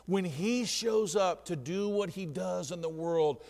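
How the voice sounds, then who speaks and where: A man preaching a sermon as pastor, swinging from hushed asides to shouted lines. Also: sits high, a little slow, gravelly. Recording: church hall with long reverb.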